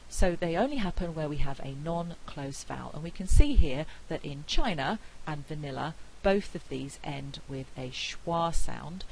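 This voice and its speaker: A woman with a non-rhotic British accent giving a university phonetics lecture, clear and deliberate, slowing down to demonstrate sounds. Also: deep voice, darkish tone, a little hiss or hum, low-quality recording. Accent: non-rhotic British English.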